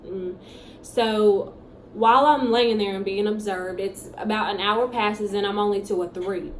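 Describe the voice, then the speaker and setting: A young woman telling her own story in a casual, animated way, acting out what people said. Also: mid-range voice, unhurried. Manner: animated, chatty storytelling with acted-out quotes. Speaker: vlogger. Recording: echoey room with faint background hum.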